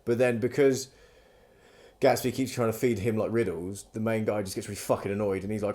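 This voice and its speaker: A man's voice: on the low side, fairly even intonation, a little fast, a little mellow. A man hosting a podcast, chatting casually and rambling through a story, swearing freely and acting out quoted lines. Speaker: podcast host. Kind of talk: casual chat.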